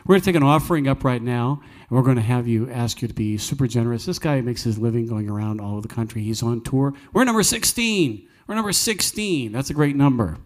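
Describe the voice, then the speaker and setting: A man's voice: mid-range voice, fast talker, hardly any pauses, darkish tone. Guy hosting a live cafe gig, earnest folksy storyteller, kinda preachy, cracks jokes, medium voice. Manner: earnest, emphatic, jokey asides. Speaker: host of a live music night. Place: live cafe music venue.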